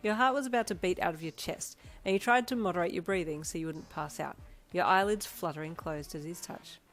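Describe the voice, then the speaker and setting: A woman narrating fan fiction aloud in an even storytelling manner. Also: fairly low pitch, fairly quick, soft background music. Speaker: reader.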